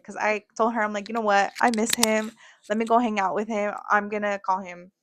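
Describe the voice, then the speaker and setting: A young woman co-hosting a podcast, telling a story in fast, profane casual chat and switching into Spanish at times. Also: medium pitch, steady tone. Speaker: podcast co-host.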